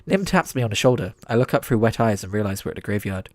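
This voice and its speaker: A man's voice: lowish voice, animated, fast, dry recording, studio quality. A man reading his teenage fan fiction aloud as host, with wry, self-mocking asides. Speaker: channel host.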